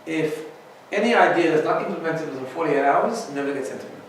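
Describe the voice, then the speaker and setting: A man's voice: a little high, lively intonation, fast, very echoey, far from the mic, a little hiss or hum, poor audio. A man teaching an informal Torah class as a rabbi, chatty and often checking in with "right?". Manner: chatty, keeps asking "right?".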